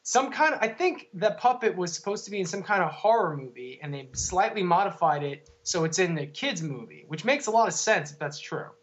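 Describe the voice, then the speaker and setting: A man's voice: high voice, brisk, hardly any pauses. An adult man co-hosting a podcast, chatting casually and arguing his points with animation. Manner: animated, argumentative, laughs often. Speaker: podcast co-host. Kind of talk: casual chat. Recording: dull lo-fi sound.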